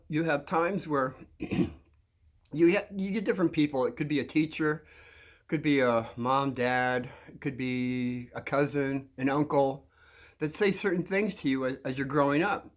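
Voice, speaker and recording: A man's voice: on the high side, a little slow. Older man laughing through a monologue. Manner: keeps breaking into laughter, acting out both sides of a scene. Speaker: vlogger giving advice to kids. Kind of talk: casual monologue to camera.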